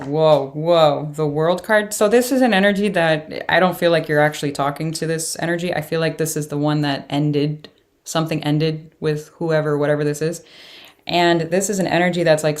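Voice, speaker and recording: Female tarot reader, low voice, casual, reactive. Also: steady tone, moderate pace. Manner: reacts aloud to cards with surprised exclamations and laughs.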